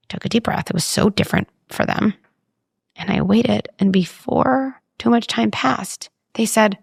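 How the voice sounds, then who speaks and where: A woman talking as a parenting psychologist in an interview, animated and explaining with vivid examples. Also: medium pitch, moderate pace, vocal fry, husky, no room sound, studio quality. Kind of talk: conversational interview.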